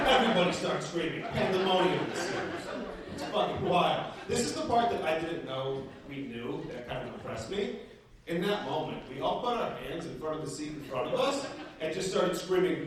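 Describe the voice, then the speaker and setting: A man telling a profane, animated stand-up story on a comedy club stage. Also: a little high, a little fast, recorded from a distance, a crowd in the background. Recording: echoey club room, audience laughter.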